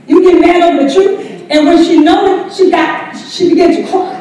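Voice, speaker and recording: A woman pastor with a Southern US accent leads a lively Bible study, laughing often and urging the room on with "come on". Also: extremely high pitch, normal speed, distant mic. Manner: exclaims "come on" often, laughs while preaching. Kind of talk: lively sermon-style teaching. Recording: echoey church hall mic from afar.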